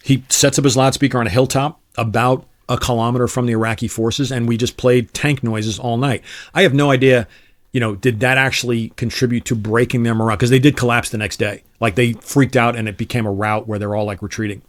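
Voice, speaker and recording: Middle-aged man, retired officer, lively storyteller with a mid-range voice who voices the people in his anecdotes, relaxed interview delivery. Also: mid-range voice, brisk. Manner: animated storyteller who acts out quoted dialogue. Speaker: retired Army Special Forces officer, guest.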